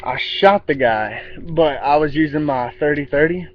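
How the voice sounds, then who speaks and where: A man's voice: fairly high pitch, moderate pace. A man telling a rambling story outdoors in casual vlog style, with restarts and mimicked sound effects. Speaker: vlogger. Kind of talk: casual spoken anecdote. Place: outdoors in a yard. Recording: dull lo-fi with faint outdoor ambience.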